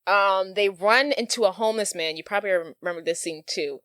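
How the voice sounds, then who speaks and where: A woman's voice: mid-range voice, fairly quick, fairly bright tone, smooth, no room sound. Chatty woman recapping a movie. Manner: chatty retelling with laughs and quoted voices. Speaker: podcast co-host. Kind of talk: casual movie recap chat.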